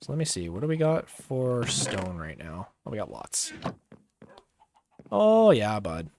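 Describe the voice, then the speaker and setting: A young man talking casually as he plays a game on a livestream, relaxed and rambling with many fillers and pauses. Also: fairly low pitch, noisy background. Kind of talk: casual gameplay commentary.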